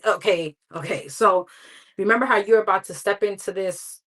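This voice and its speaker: A woman's voice: medium pitch, normal speed, a bit bright, poor audio. A woman giving live tarot readings in a candid, chatty way, talking straight to her viewers. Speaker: tarot reader.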